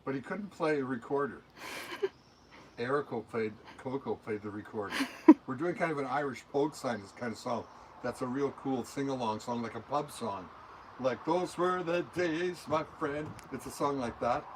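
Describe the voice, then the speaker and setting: An older man sits in a recording studio and talks through his answers in a relaxed, wandering way. He is a musician being interviewed, and he drifts from one example to the next at a mid-range pitch. A constant hiss of background noise sits under his voice. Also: moderate pace.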